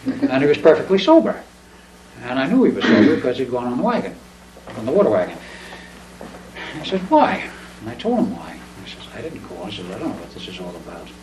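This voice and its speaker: Here he talks fast at a medium pitch, with crowd noise around him, rambling through a lengthy personal story in a living-room chat and lively in acting out the quotes. It's picked up on a faraway mic in a roomy space with faint background noise.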